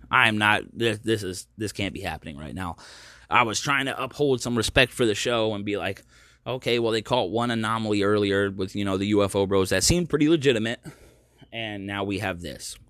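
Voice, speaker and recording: A man's voice: lowish voice, a bit bright, no echo, clean studio sound. A man hosting his own podcast, telling a story in a sarcastic, profane, ranting way. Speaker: podcast host. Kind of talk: casual ranting commentary.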